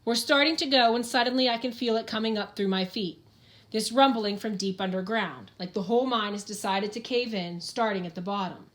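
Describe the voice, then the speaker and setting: A woman's voice: medium pitch, fairly quick. A woman reading a first-person audiobook in an earnest, plain-spoken storytelling manner. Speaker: audiobook narrator.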